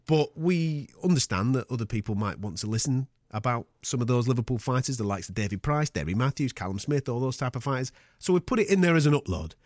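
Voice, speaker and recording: A man's voice: mid-range voice, expressive, fast talker, hardly any pauses, darkish tone, dry recording, clean studio sound. A man from England hosting a podcast in casual, jokey chat, teasing his co-host.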